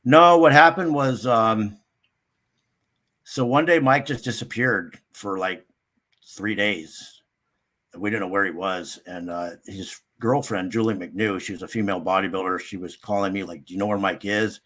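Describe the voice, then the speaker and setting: A man's voice: a little slow, fairly bright tone. An older man, a guest in a casual interview, telling a rambling story and acting out what others said. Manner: rambling, acts out quotes with sudden higher pitch.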